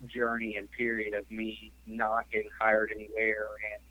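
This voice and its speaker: A man's voice: on the low side, monotone, moderate pace, bright, forceful tone, lo-fi sound. A man hosting a podcast, telling a story in casual chat and rambling with lots of "like" and "you know.". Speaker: podcast host.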